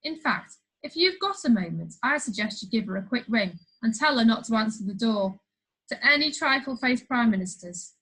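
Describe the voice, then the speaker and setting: A woman's voice: a little high, lively intonation, moderate pace, fairly bright tone, breathy edge, low-quality recording. A woman reading a funny children's story aloud, playful, with chatty asides to the listener. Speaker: storybook reader.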